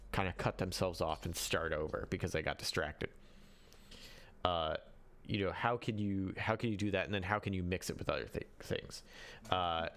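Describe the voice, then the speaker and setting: Male stream host with a low voice; loose, chatty, self-correcting delivery. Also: a bit bright. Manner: rambling, with frequent restarts and self-corrections; answers viewer chat as he goes. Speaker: livestream host. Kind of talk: casual livestream talk on running games.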